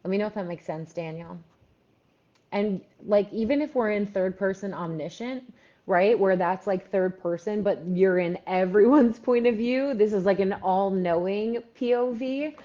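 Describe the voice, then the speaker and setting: A woman's voice: mid-range voice, moderate pace, dark tone. A woman from Philadelphia coaching writers in a live stream Q&A, chatty and full of fillers as she answers viewers. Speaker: writing coach. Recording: dull lo-fi livestream audio.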